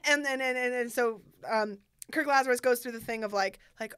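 A woman in casual conversation about movies, animated and acting out lines from scenes. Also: fairly high pitch, clean tone, dry recording. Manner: animated, acts out movie lines in quick bits. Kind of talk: casual film chat.

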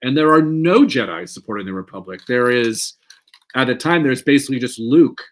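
A man co-hosting a fan podcast, talking in an animated, rambling way and swearing freely. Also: mid-range voice, brisk. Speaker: podcast co-host. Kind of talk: casual fan chat.

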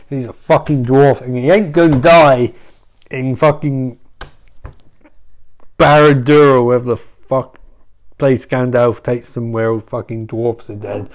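Guy ranting thru a silly made-up story, swears nonstop, goes off on tangents, mid-pitch voice. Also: fairly even intonation, a little slow, long pauses. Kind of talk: rambling comic storytelling.

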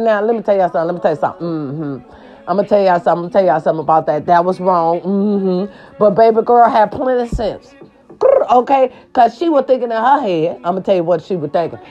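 A woman, hosting a casual monologue and scolding her viewers in a brash, profane way, with her voice jumping high for emphasis. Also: darkish tone. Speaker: host of a talk segment. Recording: slightly dull lo-fi sound.

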